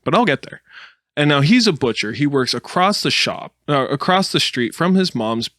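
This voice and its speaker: A man's voice: fairly high pitch, normal speed, no room sound, clean studio sound. A man co-hosting a podcast, telling a made-up story in casual chat with lots of laughs. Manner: animated storytelling with laughs and silly put-on voices. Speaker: podcast co-host.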